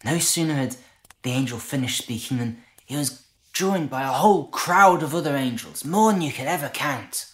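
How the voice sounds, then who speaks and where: A man's voice: medium pitch, moderate pace, fairly bright tone, close to an everyday voice. An actor playing a humble male shepherd recalling a night by the fire, in a conversational, hesitant, marvelling way. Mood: reflective. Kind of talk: dramatic monologue.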